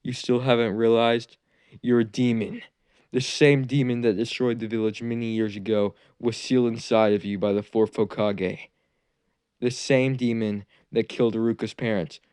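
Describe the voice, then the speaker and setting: A man's voice: mid-range voice, steady tone, normal speed, darkish tone, smooth, no room sound, studio quality, lightly acted. A man voicing a scheming, treacherous male ninja teacher who taunts and gloats, in a fan-made anime story. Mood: taunting.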